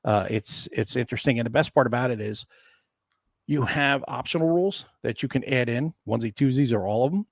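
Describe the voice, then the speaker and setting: A man's voice: mid-range voice, a little fast, gravelly, no echo, clean studio sound. A man co-hosting a board game stream in casual chat, laughing often and acting out remembered lines.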